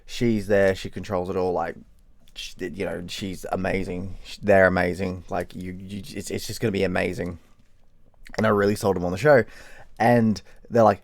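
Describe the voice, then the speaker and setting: A man's voice: moderate pace, dry recording, studio quality. A tired Australian man telling a rambling story in a casual vlog, swearing freely. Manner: rambling, swears freely, mimics people in high voices. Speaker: vlogger.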